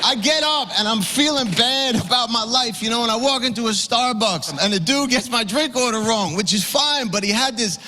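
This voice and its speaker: A man doing a stand-up comedy set on stage, ranting and swearing, and getting loud on his punchlines. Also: very high-pitched, normal speed, few pauses, long reverb tail, a little hiss or hum. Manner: ranting, profane, rising to shouts on punchlines.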